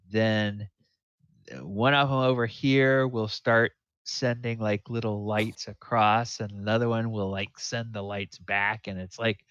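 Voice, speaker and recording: A man hosting and narrating a tabletop game as dungeon master, describing scenes in a rambling, halting way. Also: lowish voice, a bit bright, clean tone, no echo, highs cut off.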